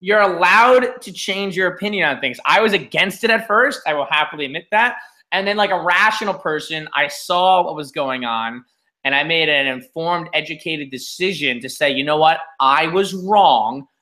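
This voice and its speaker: A young man co-hosting a hockey podcast, chatting casually with animated, sarcastic rants. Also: fairly high pitch, normal speed. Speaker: podcast co-host. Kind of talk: casual chat.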